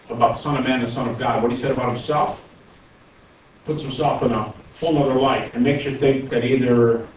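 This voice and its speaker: A man's voice: medium pitch, slight background noise. A middle-aged man giving a public talk as a Christian apologist, earnest, and acting out conversations as he tells a story. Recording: roomy, distant hall recording.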